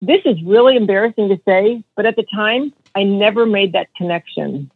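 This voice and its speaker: A woman in her fifties speaks over a tinny, dry phone line, with a slightly husky voice. She tells her story with energy and acts out the voices of the people in it. A podcast guest looking back on her career. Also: medium pitch, normal speed, no echo. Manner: animated storyteller acting out quotes. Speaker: podcast guest, financial advisor. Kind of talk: storytelling interview answer.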